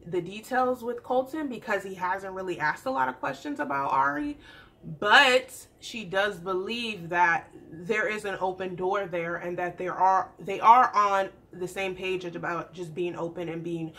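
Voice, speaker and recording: A young adult woman chatting through a casual TV recap, animated and acting out the people she describes. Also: medium pitch, measured pace. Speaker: YouTube TV recap host.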